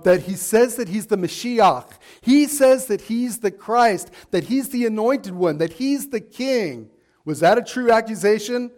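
Man, pastor, high voice, emphatic sermon, rhetorical questions, church. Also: a little mellow.

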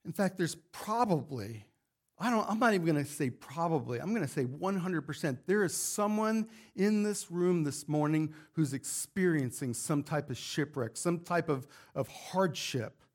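A man's voice: on the high side, lively intonation, moderate pace. A male pastor preaching a fervent sermon to his congregation, building to emphatic rhetorical questions. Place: church sanctuary with congregation.

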